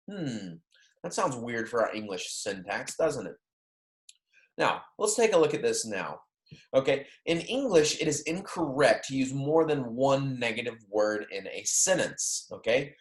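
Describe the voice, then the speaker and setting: A man with a Southern US accent explaining Spanish grammar in a relaxed classroom style, often checking in with his listeners. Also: mid-range voice, moderate pace. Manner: casual, explanatory, checks in with "okay?" and "right?". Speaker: Spanish teacher. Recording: echoey room.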